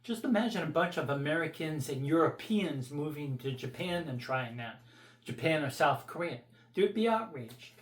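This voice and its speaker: A man's voice: fairly high pitch, animated, moderate pace, reverberant. A man vlogging his opinions in a blunt, profane, rambling rant.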